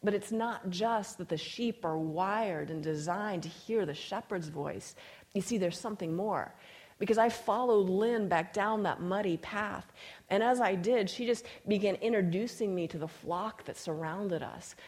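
A woman's voice: mid-range voice, a little slow, darkish tone. A woman preaching a sermon, telling a personal story and reading scripture aloud with emphasis. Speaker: speaker.

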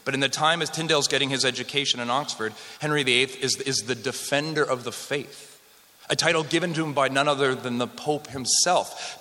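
A man from Western Canada gives a conversational history lecture to a live audience, joking with the room along the way. His mid-range voice sounds pushed and bright, and a long hall reverb colors the recording.

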